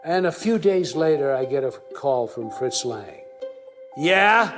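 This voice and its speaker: A man telling a lively anecdote and acting out the dialogue as he goes. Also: mid-range voice, normal speed, over music. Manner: lively, acts out quoted dialogue. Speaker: storyteller recalling a meeting. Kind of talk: anecdotal storytelling.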